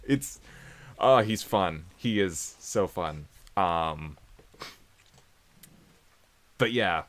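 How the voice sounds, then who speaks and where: A man's voice: deep voice, lively intonation, very slow. A man co-hosting a casual anime review chat, rambling with many fillers and laughing often. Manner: rambling, laughs often, mimics characters in silly voices. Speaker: podcast co-host.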